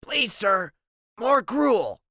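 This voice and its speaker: A man's voice: very high voice, very animated, very slow, vocal fry, sharp tone, no echo, clean studio sound, voice pushed up, exaggerated voice. A man voicing a small, brainy boy who talks in grand, old-fashioned phrases in an audiobook. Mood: theatrical pleading.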